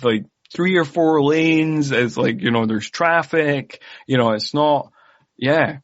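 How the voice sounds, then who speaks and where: A man's voice: a little high, slow. A man co-hosting a podcast, talking in a casual, rambling way full of fillers and wry asides. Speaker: podcast co-host. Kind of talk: casual chat. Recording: dull lo-fi podcast audio.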